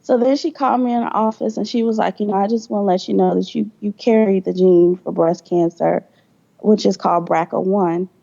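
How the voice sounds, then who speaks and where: A woman's voice: medium pitch, fairly even intonation, fairly quick, vocal fry, dark tone, lo-fi sound. A young adult woman, a podcast guest, telling her story candidly with blunt profanity and acted-out quoted dialogue.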